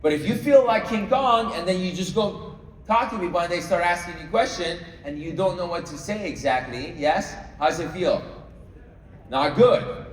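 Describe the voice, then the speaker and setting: This sales trainer has a high-pitched voice and a moderate pace, and the recording carries a little hiss or hum. He coaches an audience in a large, echoey hall, checking in with the room often while the mic sits far away.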